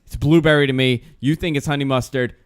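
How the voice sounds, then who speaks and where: A man's voice: mid-range voice, steady tone, fast talker, clean tone. A young adult man hosting a casual chat show, telling stories animatedly and acting out the dialogue. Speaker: host.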